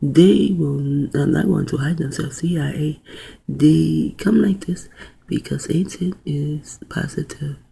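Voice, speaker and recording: A video host giving rambling commentary while reading aloud, spelling words out letter by letter, musing with soft exclamations and often dropping into a whisper. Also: mid-range voice, gravelly, husky, low-quality recording.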